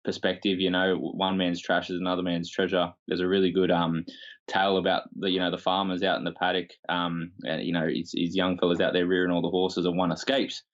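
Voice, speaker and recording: A man's voice: deep voice, monotone, brisk, lo-fi sound. A man hosting a podcast, talking in a reflective, rambling way with filler words. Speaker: podcast host. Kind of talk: casual conversation.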